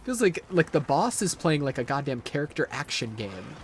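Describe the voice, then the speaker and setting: A man's voice: a little high, very animated, normal speed, a little hiss or hum. A young man streaming a live game, ranting and swearing at a boss with repeated frustrated outbursts. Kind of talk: live gameplay commentary.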